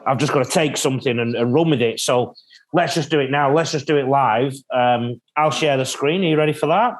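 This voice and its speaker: A man's voice: medium pitch, rough recording. A man with an English accent, a rugby league analyst chatting casually and joking at his own expense from a hotel room. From England. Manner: chatty and jokey, quick to laugh at himself. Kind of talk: casual chat.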